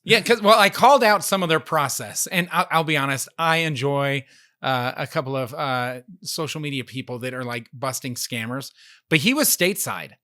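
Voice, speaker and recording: A man's voice: mid-range voice, moderate pace, pushed and bright. A man co-hosting a podcast, telling a story in casual chat and acting out the dialogue he quotes. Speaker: podcast co-host.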